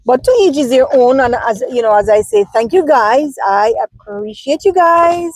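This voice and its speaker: Jamaican lady vlogging, high voice, dry close sound, chatty and animated. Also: normal speed, no room sound, poor audio. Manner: chatty, animated, answering comments directly. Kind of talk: casual talk to viewers.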